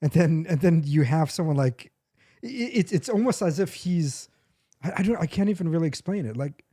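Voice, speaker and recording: A man in his forties talks in a relaxed podcast chat, his voice mellow and dark. He rambles, backtracks to correct himself and laughs easily, recorded close and dry. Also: a little high, normal speed, no echo. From United States. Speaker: podcast co-host. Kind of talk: casual chat.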